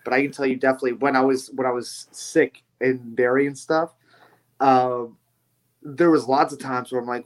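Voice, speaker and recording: A man who is a guest on a casual podcast, talking about wrestling. His delivery is easygoing and conversational, with mild cursing and quick asides. He laughs along with the hosts. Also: mid-range voice, level tone.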